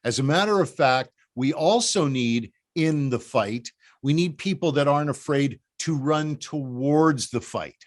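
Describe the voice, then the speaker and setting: A man's voice: on the high side, unhurried, hardly any pauses. A man from Canada delivers a rallying political briefing to supporters. His talk is emphatic and repetitive, circling back to drive each point home. He keeps pressing listeners to stay put and act. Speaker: political organizer.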